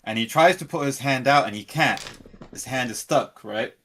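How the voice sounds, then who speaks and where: A man guest telling a short spiritual story in a casual chat, earnest and halting, with many restarts. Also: mid-range voice, fairly bright tone, slight background noise.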